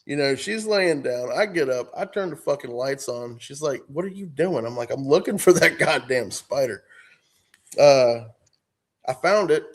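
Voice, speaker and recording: A man's voice: mid-range voice, lively intonation, moderate pace. A middle-aged man on a podcast, telling a profane story in casual chat, often laughing. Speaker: podcast co-host.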